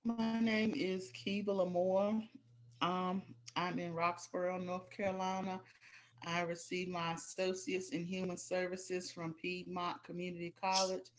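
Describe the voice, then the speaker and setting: Flat, low-voiced woman introducing herself. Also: a little slow, soft background music. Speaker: student. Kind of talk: self-introduction on a video call.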